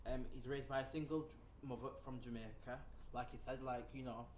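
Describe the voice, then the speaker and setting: Young British male co-host, relaxed and chatty, recorded in a roomy space. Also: mid-range voice, fairly quick, slight background noise. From United Kingdom. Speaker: podcast co-host. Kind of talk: casual chat. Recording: roomy echo.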